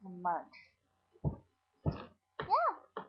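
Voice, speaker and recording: A woman's voice: fairly low pitch, wildly swooping pitch, very slow, slightly rough. A woman vlogging at home, chatting in a scattered, giggly and profane way to her webcam. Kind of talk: rambling casual webcam chat. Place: at home indoors. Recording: dull lo-fi webcam audio.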